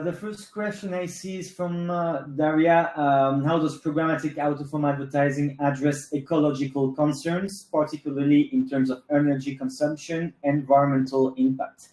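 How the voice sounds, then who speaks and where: A man's voice: fairly high pitch, a little mellow. Hesitant French-accented man in an echoey room. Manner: hesitant, many fillers and restarts. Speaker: webinar speaker answering questions. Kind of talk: live Q&A answer.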